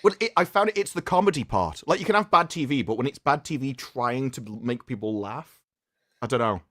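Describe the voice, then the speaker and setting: A man's voice: medium pitch, lively intonation, a little fast, pushed and bright, no room sound. Rambling, laughing man on a dry mic. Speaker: co-host. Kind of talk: casual livestream chat.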